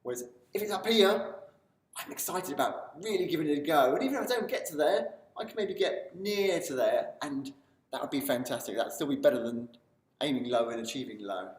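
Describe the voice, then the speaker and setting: A man's voice: mid-range voice, brisk. A man giving an enthusiastic motivational talk to camera in a video series. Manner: enthusiastic, building excitement as he talks. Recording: roomy sound from a distance.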